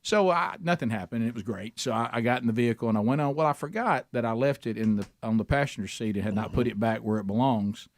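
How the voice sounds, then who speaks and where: A man's voice: mid-range voice, fast, few pauses, no room sound, clean studio sound. A man hosting a talk show, telling stories in a folksy, chatty way with frequent chuckles. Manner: folksy storytelling, chuckles often. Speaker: radio show host. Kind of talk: casual talk show chat. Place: radio studio.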